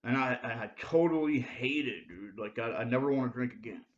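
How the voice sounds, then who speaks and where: A man's voice: mid-range voice, fairly quick. A man giving a rambling confessional monologue to camera, full of fillers and urgent appeals to the listener. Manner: rambling, heavy fillers like dude and bro. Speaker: self-made video preacher. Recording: roomy, dull lo-fi sound.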